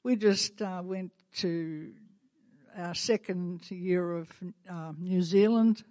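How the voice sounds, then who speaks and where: Older aussie lady chatting at church, laughs a lot, talks slow. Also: fairly low pitch, dark tone, dry recording. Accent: Australian. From Australia. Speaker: guest speaker. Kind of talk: church talk.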